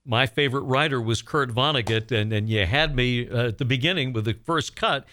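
A man's voice: mid-range voice, a little fast, pushed and bright, a little hiss or hum. A man hosting a radio interview, asking friendly questions of a guest. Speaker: radio host.

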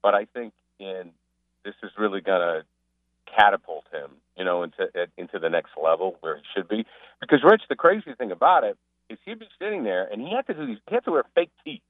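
A man speaking as a call-in guest on a radio show, his voice low, his pitch swinging widely as he tells stories. He slips into other people's voices while he talks. The sound is a dry, tinny phone line. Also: a little fast, no echo. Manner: animated storyteller, mimics people he describes. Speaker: sports broadcaster and guest. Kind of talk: casual radio chat.

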